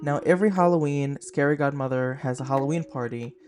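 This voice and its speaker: A man's voice: mid-range voice, brisk, darkish tone, faint music behind. A man in his twenties hosting a casual film review podcast. He talks in a chatty, gushing way and uses a lot of "like" fillers. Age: 20s. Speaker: podcast host.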